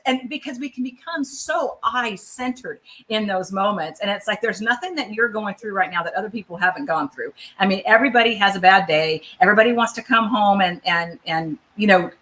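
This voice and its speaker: Bright, chatty woman hosting a talk show. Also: medium pitch, a little fast, few pauses. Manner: chatty and expressive, acts out quotes with laughter. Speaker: show host. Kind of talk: casual interview chat.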